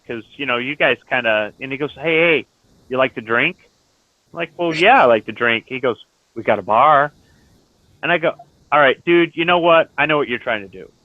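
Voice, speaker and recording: A man's voice: medium pitch, dry recording. A middle-aged man, a Marine veteran, telling stories in blunt, profane casual chat. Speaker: Marine veteran chatting in an online lobby. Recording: tinny phone-like voice chat.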